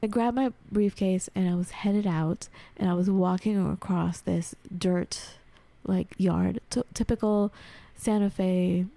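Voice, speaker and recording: A woman tells a personal story on a podcast with a gravelly, mellow voice. She talks animatedly, slips into the voices of people she quotes, and scatters filler words throughout. Her voice is recorded dry and close. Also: fairly low pitch, steady tone, measured pace, hardly any pauses, no room sound. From United States. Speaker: podcast guest. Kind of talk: conversational storytelling.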